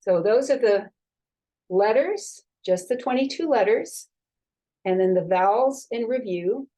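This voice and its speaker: Slow, patient woman teaching Hebrew. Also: on the high side, expressive, mellow. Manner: slow, patient, sounds out syllables for learners to repeat. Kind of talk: online language lesson.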